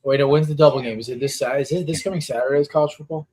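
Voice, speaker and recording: A man's voice: a little high, rapid-fire, crowd noise. A man in his thirties hosting a casual sports podcast, rambling with lots of fillers and restarts. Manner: rambling, filler-heavy, excitable. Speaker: podcast host.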